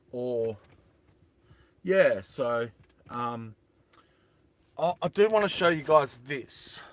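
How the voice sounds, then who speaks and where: A man's voice: medium pitch, fairly bright tone. An Australian man streaming live from inside his van, rambling casually and greeting viewers as they join. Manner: rambling, greets viewers and answers chat aloud. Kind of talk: casual livestream chat.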